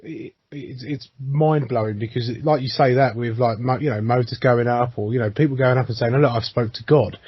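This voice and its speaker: A mid-pitched man with a husky voice in an easygoing podcast chat. He swears, laughs easily, and acts out the voices of people in his stories. The recording is dry and dull. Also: fairly quick, few pauses, dry recording. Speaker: podcast co-host. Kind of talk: casual chat. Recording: dry, muffled lo-fi sound.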